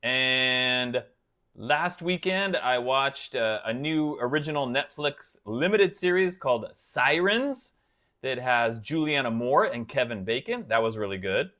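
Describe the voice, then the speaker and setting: A man's voice: mid-range voice, animated, unhurried, sharp tone. A man hosting a casual livestream, chatting loosely and answering viewers by name. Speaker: guitar channel host reading live chat.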